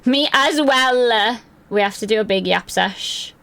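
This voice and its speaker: Rambly young woman with a gravelly voice. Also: on the high side, measured pace, bright, forceful tone. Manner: chatty, rambling, answers chat by name. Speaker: live streamer. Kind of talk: casual live-stream chat. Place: her room at home.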